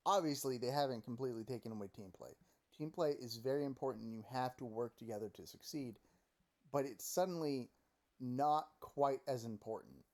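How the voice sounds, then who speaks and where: A man ranting casually and profanely about a video game, animated and full of mocking quoted voices, recorded close on a desk mic at home. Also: medium pitch, brisk. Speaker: gaming commentator. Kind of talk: casual opinion rant.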